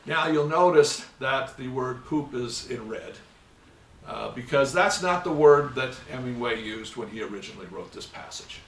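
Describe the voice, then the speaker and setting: A man's voice: mid-range voice, lively intonation, moderate pace. A man giving a classroom lecture, telling anecdotes and acting out the dialogue, with many fillers. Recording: roomy, mic at a distance.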